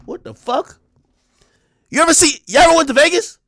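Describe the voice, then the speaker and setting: A man hosting a livestream, delivering a loud, profane comedic rant with shouted bursts. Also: very high-pitched, brisk, no echo, clean studio sound. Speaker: streamer and show host.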